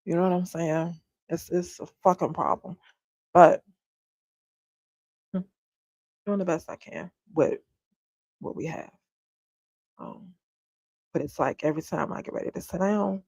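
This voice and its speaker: A woman's voice: fairly low pitch, a little slow, gravelly, long pauses, a little mellow, husky, dry recording, rough recording. A woman, a stay-at-home homeschooling mom, venting candidly to her livestream viewers and swearing freely. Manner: talks straight to viewers, often asks if they follow her. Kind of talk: casual livestream chat.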